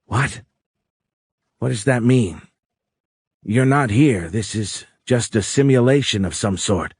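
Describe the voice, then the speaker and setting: A man's voice: lowish voice, expressive, slow, darkish tone, slightly rough, dry recording, studio quality, pitched above the performer's own voice, full character voice. Man playing a grieving pilot major. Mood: puzzled. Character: grieving male Air Force major, earnest.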